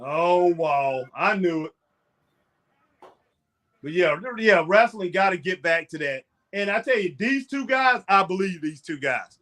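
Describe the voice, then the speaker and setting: High, lively man chatting. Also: unhurried. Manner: excitable, laughs often, says "boy" and "man" a lot. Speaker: co-host. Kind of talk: casual chat reacting to a live wrestling show.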